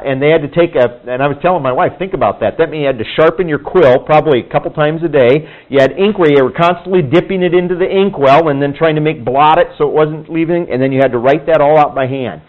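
A man teaching a Bible class in a casual, conversational way, acting out quoted people in higher voices. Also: fast. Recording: dull lo-fi room recording.

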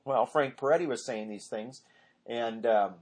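Husky-voiced man rambling through Bible teaching. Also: medium pitch, a little slow, darkish tone. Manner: rambling and digressive, often correcting himself. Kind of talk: informal Bible study teaching.

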